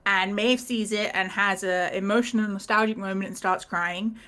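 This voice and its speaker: A woman's voice: mid-range voice, steady tone, moderate pace, bright, forceful tone. A woman casually recapping the last session of a tabletop game, rambling, laughing and swearing as she quotes the characters.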